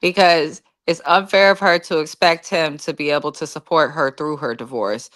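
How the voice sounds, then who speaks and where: A woman co-hosting a reality TV recap, giving measured, matter-of-fact opinions. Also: low voice, fairly even intonation, fairly bright tone. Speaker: recap co-host. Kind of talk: casual recap commentary.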